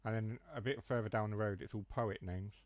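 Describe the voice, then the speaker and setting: A man's voice: lowish voice, steady tone, brisk, no echo. A young man with a Huthwaite accent from near Mansfield, rambling through joking asides as he streams a train game and drops his H's and T's. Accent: Huthwaite, Nottinghamshire. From Mansfield area, England. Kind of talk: casual chat while gaming.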